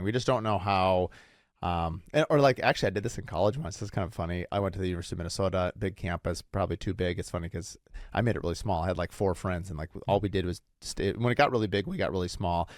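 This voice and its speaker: A man's voice: low-pitched, fast, no room sound, studio quality. A man hosting a podcast interview, chatting casually and telling rambling, reflective stories. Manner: rambling, reflective, animated storytelling. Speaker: podcast host.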